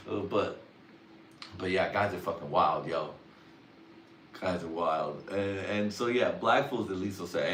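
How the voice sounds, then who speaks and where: A man's voice: sits low, unhurried, long pauses, recorded from a distance, slight background noise. A man talking casually on a livestream, rambling crudely with heavy swearing. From Mexican family. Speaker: livestream host. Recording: roomy sound from away from the mic.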